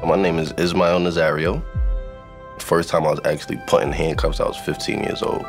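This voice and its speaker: A man's voice: extremely low pitch, steady tone, fairly quick, over music. A man from Brooklyn, telling his own story as testimony and acting out the dialogue. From Brooklyn, New York. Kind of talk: personal testimony.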